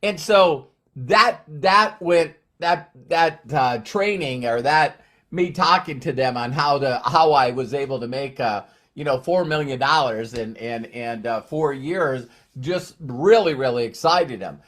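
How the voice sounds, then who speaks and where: A man's voice: medium pitch, unhurried, a bit bright. A man giving a motivational talk on a live stream, rambling with many restarts and repeated words, short on sleep. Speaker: motivational speaker.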